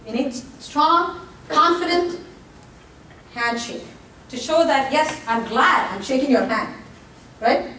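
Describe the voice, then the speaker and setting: A woman with a high voice gives a presentation. She addresses the audience directly and throws in jokes. She is picked up from a distance in an echoing room, with faint noise behind her. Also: takes it slowly, long pauses, pushed and bright. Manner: direct, joking asides to the audience. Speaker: college lecturer giving a workshop talk. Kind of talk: lively presentation talk.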